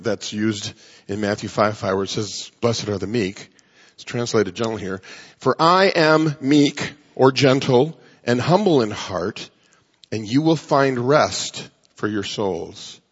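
Pastor, male, husky higher voice, earnest sermon, dull recording with long reverb. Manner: earnest, emphatic, slows down to stress key phrases.

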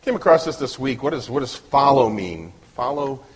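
A man's voice: medium pitch, expressive, moderate pace. A man preaching a sermon at a church service, earnest, often restarting and repeating his words.

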